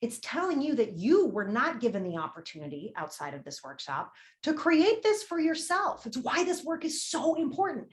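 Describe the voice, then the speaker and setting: A woman's voice: high-pitched, wildly swooping pitch, moderate pace, hardly any pauses. A woman leading a money-mindset workshop, candid and emphatic, swearing casually and repeating a prompting question. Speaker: workshop leader. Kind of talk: motivational workshop talk.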